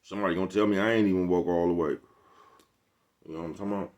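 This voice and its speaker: A man's voice: deep voice, steady tone, racing, a little mellow. A man with a Bay Area accent talking casually to camera in a slangy, rambling monologue and laughing often. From San Francisco Bay Area. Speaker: vlogger.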